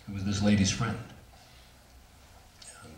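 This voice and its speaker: A man's voice: low voice, fairly even intonation, measured pace, a little mellow. Middle-aged guy telling his story to a crowd, jokey about himself, echoey room, mic kinda far. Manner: candid, self-mocking, laughs through the story. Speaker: speaker. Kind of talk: storytelling talk to an audience. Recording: roomy hall, voice from far off.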